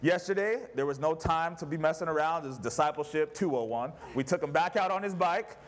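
Animated high-voiced male preacher. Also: fairly quick. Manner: animated, conversational, asks the audience "right?". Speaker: pastor. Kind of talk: sermon with personal storytelling.

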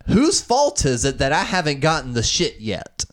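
A young man with a fairly high, lively voice tells a rambling story about a customer service ordeal. He swears freely and sounds exasperated, switching voices to act out the agents on the phone. The talk is loose and casual, among friends. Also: moderate pace. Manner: profane, exasperated, acts out both sides of phone calls. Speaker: storyteller in a group chat.

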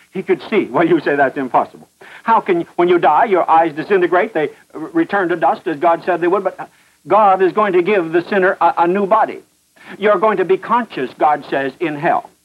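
A high-voiced man delivers a fervent radio sermon with fierce emphasis, hammering his points through repetition and pointed questions. The audio sounds muffled and dull, like an old radio broadcast.

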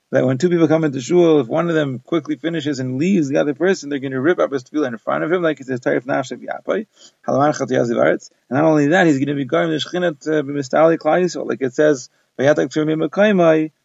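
Rapid, gravelly man summarizing Talmud. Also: fairly high pitch, darkish tone, dry recording. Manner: brisk, mixes Hebrew and Yiddish terms into English. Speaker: Talmud teacher. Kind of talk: rapid daf summary lesson. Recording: dull, slightly lo-fi sound.

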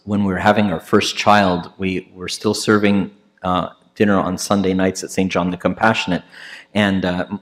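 In a sermon, a male priest relates a story in a chatty way, full of fillers and false starts. He acts out the characters he quotes with raised, higher-pitched voices.

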